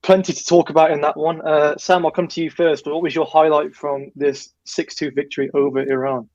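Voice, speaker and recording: Male host, measured, soft-edged lo-fi dry recording. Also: on the high side, flat delivery, no echo. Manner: measured, hesitant, with fillers. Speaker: show host. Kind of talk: casual chat. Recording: dull, dry lo-fi sound.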